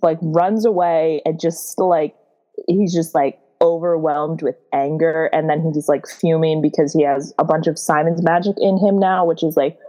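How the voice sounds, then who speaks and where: A woman's voice: deep voice, steady tone, normal speed, mellow, poor audio. A woman co-hosting a casual podcast, recapping a book in a rambling way with lots of fillers and giggles. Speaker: podcast co-host.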